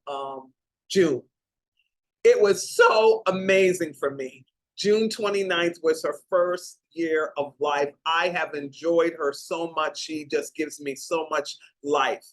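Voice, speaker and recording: A woman's voice: lowish voice, takes it slowly, rough recording. An older woman hosting a heartfelt talk show, speaking in an emotional way and stretching out her words. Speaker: host.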